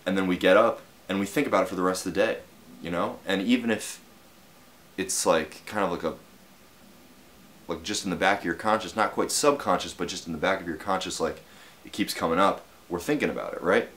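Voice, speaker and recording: A man's voice: low-pitched, a little fast, a bit bright, slight background noise. A young man vlogging, telling a story in a rambling, casual way full of fillers and the odd swear word.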